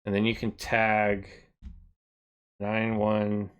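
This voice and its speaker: Male streamer, unhurried, lowish voice, rambling and thinking out loud to chat. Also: completely flat delivery, clean tone. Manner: rambling, thinks aloud, often trails off quieter. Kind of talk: casual live-stream chat.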